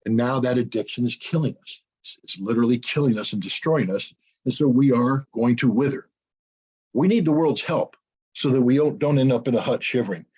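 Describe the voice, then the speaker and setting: A middle-aged man from the United States holds forth in an impassioned commentary monologue, hammering his points with repetition and rhetorical questions. His voice is husky and sits in a middle register. The recording is dull and lo-fi. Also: medium pitch, a little fast, a little mellow. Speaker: geopolitical commentator.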